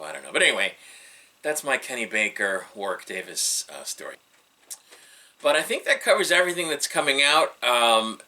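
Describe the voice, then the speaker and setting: Bright-toned, rambling male commentator. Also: mid-range voice. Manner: rambling, frequent ums and uhs, wry and skeptical. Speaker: entertainment news vlogger. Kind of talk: casual solo commentary.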